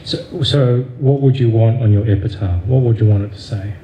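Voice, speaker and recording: A low-pitched man hosts an interview, asking short, probing questions in a calm way. His voice sounds a little dull and lo-fi, and the room is echoey. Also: normal speed, a little hiss or hum. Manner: brief, gently probing questions. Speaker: podcast host.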